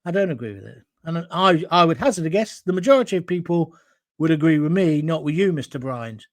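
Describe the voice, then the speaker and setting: Alone at home, a middle-aged Englishman hosts a live-stream, ranting bluntly and combatively as he reads viewer comments and throws in jokey asides. His voice is a little high and a little fast, and the recording is dry.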